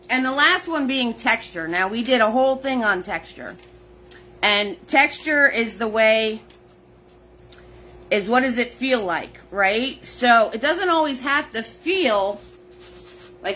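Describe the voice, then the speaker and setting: A slow-talking woman with a bright, forceful voice hosts a live painting class. She chats easily, laughs often and greets her viewers by name. A faint hum of room ambience sits behind her. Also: fairly high pitch, rough recording. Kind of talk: live-streamed painting lesson.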